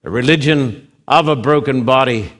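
A man with a mid-range voice preaches a sermon, swinging between loud emphasis and hushed drops. His phrasing is slow, deliberate, and repetitive.

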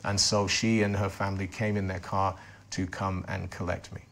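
A man's voice: sits low, little pitch movement, normal speed, vocal fry, a bit bright. A man being interviewed, earnestly recounting a personal testimony and often restarting his sentences. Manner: earnest storytelling with frequent restarts. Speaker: interview guest.

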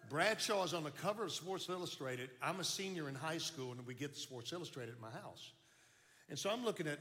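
Older man telling his story, bright. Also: fairly high pitch, a little fast. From Baton Rouge, Louisiana. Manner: animated, folksy, repeats words in restarts. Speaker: speaker giving testimony. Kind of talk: storytelling testimony. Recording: long hall reverb.

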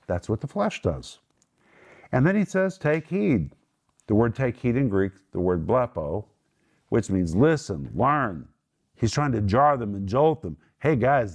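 A man teaching from the Bible, emphatic, raising his voice sharply for quoted lines and drawing out key words slowly. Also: mid-range voice, a little mellow.

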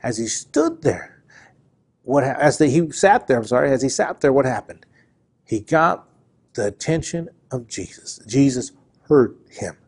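A man's voice: mid-range voice, big pitch swings, a little slow, a little mellow, slightly rough. A man preaching a sermon, impassioned and repetitive, surging and dropping in emphasis as he drives each point home. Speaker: pastor.

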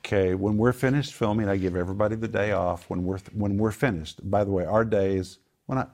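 A middle-aged man with a fairly low voice hosts a relaxed conversation. He tells stories animatedly, his voice climbing as he gets excited. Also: a little fast. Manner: animated storyteller, voice rising with excitement. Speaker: host. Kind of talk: casual chat.

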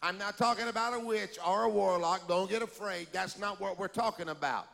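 A man preaching a sermon, animated and calling out to the congregation for a response. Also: high voice, brisk, creaky. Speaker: pastor. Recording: long hall reverb.

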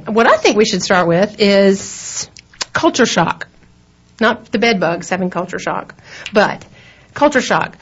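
A middle-aged woman with a Southern accent co-hosting a radio talk show, chatting in a rambling, laughing way. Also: mid-range voice. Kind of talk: casual on-air chat. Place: radio studio. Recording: dull lo-fi radio recording.

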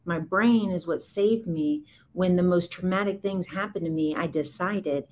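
A woman's voice: lowish voice, moderate pace, a little mellow, a little hiss or hum, low-quality recording. A woman in her forties giving a candid, impassioned account in conversation, speaking emphatically in rising bursts. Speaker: guest.

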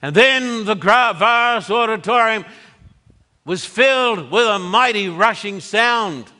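A man preaching a sermon in an emphatic, deliberate way. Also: high-pitched, lively intonation, pushed and bright, big-room sound.

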